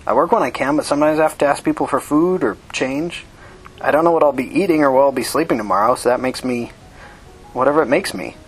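A man voicing a nervous young man posing as a drifter, hesitant and stammering, in a husky voice. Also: medium pitch, fast, pitched above the performer's own voice, close to an everyday voice, rough recording.

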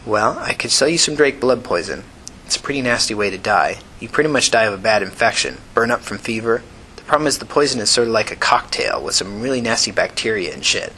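A man reading a story, voicing a calm, shrewd young woman who sells poison, in a smooth, rich voice. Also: medium pitch, a little hiss or hum, low-quality recording. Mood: wry. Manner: unhurried, wry.

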